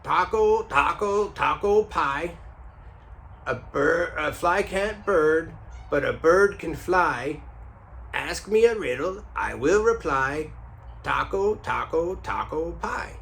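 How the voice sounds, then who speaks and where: A man's voice: on the high side, a little fast, voice pushed up, close to an everyday voice. A man voicing a kind, cheerful cook who talks in a friendly, sing-song way, his voice raised a little.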